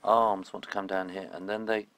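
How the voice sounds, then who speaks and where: A man's voice: low-pitched, little pitch movement, moderate pace, a bit bright, slight background noise, low-quality recording. A man, an illustrator, giving a casual, chatty spoken drawing tutorial with frequent ums and loose phrasing.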